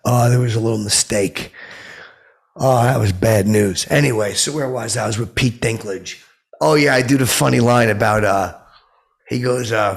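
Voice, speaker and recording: This man hosts a comedy podcast and spins a wandering tale in a flat, oblivious deadpan that rises sharply in pitch for quoted lines. He speaks at an ordinary pace with a creaky voice.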